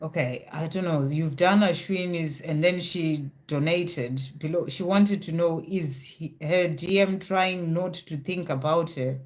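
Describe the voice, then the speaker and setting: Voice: medium pitch, unhurried, few pauses. A tarot reader hosting a live question session, talking straight to viewers in a reassuring way with many "you know" fillers and thinking aloud between cards. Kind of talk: live card reading with viewers.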